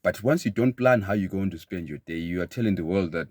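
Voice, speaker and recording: A man giving a motivational talk in an emphatic way, often repeating phrases and building to excited bursts. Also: deep voice, a little fast, no echo, clean studio sound. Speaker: motivational speaker.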